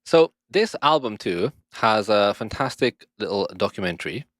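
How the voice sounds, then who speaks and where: Podcast host, male, lowish voice, dry sound, loose animated banter with swearing. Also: normal speed, no room sound. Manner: animated, swears freely, laughs often. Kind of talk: casual chat. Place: lives in Japan.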